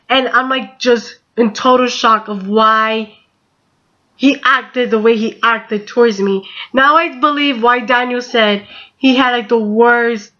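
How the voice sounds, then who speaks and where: A vlogger in her twenties tells a storytime in a slightly high, bright, forceful voice, rambling along with constant "like" and casual swearing. The recording sounds muffled.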